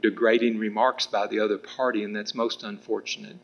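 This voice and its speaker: A man's voice: lowish voice, little pitch movement, brisk, gravelly, fairly bright tone, dull audio. A middle-aged man answering at a public political debate, rambling with restarts and fillers. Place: public meeting room with audience.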